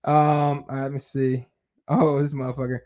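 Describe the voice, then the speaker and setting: A man co-hosting a fight podcast in casual chat, swearing freely and telling animated stories. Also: medium pitch, normal speed, crowd noise. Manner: animated storyteller, swears a lot, laughs at own stories. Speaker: MMA podcast co-host. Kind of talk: casual profane chat, reading viewer comments.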